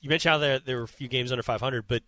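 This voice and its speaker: A man's voice: mid-range voice, fairly even intonation, very fast, sharp tone, no echo. A man co-hosting a casual sports chat, reflective and adding context. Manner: reflective, adds context and history.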